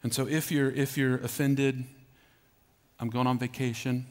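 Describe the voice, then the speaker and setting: This middle-aged Southern US pastor speaks at a medium pitch with a level tone, a little slowly and with a darkish quality, over slight background noise. Preaching his sermon, he stays emphatic, repeats phrases, and calls out to the congregation.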